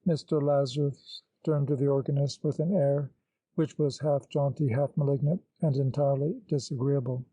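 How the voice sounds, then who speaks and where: A man narrating an audiobook in a measured, literary storytelling manner. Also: medium pitch, fairly even intonation, warm tone, no room sound, poor audio.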